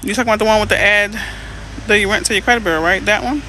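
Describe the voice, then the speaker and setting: A woman realtor chatting casually on a live stream, reading out viewer comments and answering them in a chatty, excitable way. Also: mid-range voice, racing, a little hiss or hum. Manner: chatty, excitable, easily emotional. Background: birds chirping faintly.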